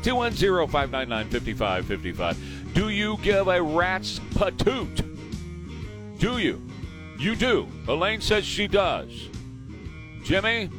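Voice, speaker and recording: A man hosting morning talk radio in a studio, joking and animated, often repeating phrases. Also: sits high. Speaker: radio talk show host. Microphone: studio microphone.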